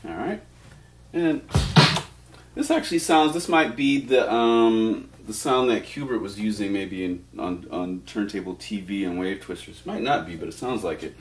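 A man teaching turntable scratching in a relaxed, step-by-step way, often saying "all right" as he works through each part. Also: fairly low pitch, unhurried, slight background noise. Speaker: DJ scratch instructor. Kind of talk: casual instructional demo.

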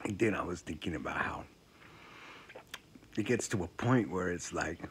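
A male comedian doing a profane stand-up rant, repeating lines and swinging from loud outbursts to low mutters. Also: moderate pace, a little hiss or hum.

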